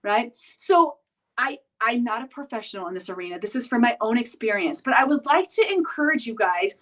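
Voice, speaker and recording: High-voiced woman, chatty motivational vlog. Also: lively intonation, fairly quick, fairly bright tone. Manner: chatty, filler-heavy, often asks "right?". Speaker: vlogger. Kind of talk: casual motivational talk to camera. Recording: voice picked up from a distance.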